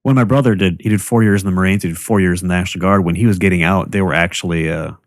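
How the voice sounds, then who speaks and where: Deep-voiced, measured podcast man. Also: steady tone, dry recording, clean studio sound. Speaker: podcast co-host. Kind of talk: casual chat.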